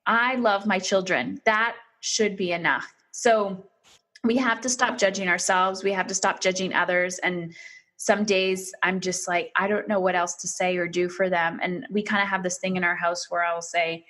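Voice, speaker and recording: A woman's voice: lowish voice, fairly even intonation, moderate pace, a bit bright. A woman in her thirties, a parenting coach guest on a podcast, talking earnestly and with emphasis in a casual interview.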